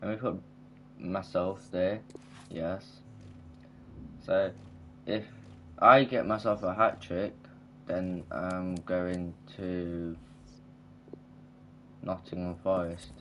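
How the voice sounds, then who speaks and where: Casual gamer guy, slow and mumbly, faint hiss behind him. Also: low voice, flat delivery, bright, forceful tone, muffled recording. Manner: rambling, mumbled, trails off. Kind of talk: casual gaming chat.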